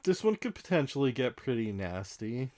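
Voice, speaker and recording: A man's voice: mid-range voice, very animated, moderate pace, mellow, no echo, clean studio sound. A man co-hosting a podcast, talking casually about a card game in a hesitant way with many ums and small laughs. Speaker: podcast co-host.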